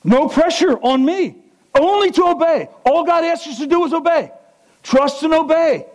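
Male pastor, high voice, energetic sermon that keeps quizzing the congregation. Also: normal speed, rough recording. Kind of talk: interactive sermon. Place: church.

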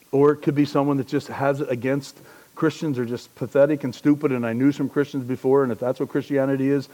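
A man preaching a sermon as pastor, conversational and joking, swinging between loud emphasis and hushed asides. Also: mid-range voice, lo-fi sound.

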